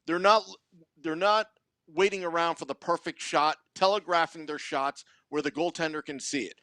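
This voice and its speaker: A man's voice: fairly high pitch, normal speed, sharp tone, clean tone, no echo. A man co-hosting a hockey podcast, laying out his game analysis point by point. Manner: methodical, list-like analysis. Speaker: podcast co-host. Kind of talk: sports analysis chat.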